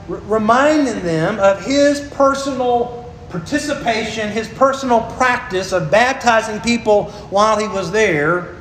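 A man preaching a sermon as a pastor, earnest and emphatic, slowing down to stress key phrases. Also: high-pitched, roomy sound, slight background noise, rough recording.

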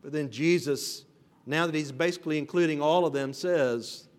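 Speaking at normal speed in a slightly high voice, a man delivers an expository sermon as pastor. Earnest in tone, he leans on repeated phrases to build emphasis, and the hall adds long reverb.

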